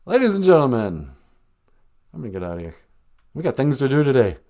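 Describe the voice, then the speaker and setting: A man hosts a casual live stream and tells joking childhood stories. His voice swings up and down, and he speaks at a middling pitch from an outdoor back porch. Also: big pitch swings, fairly quick, darkish tone. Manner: joking storyteller, laughs often. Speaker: podcast host.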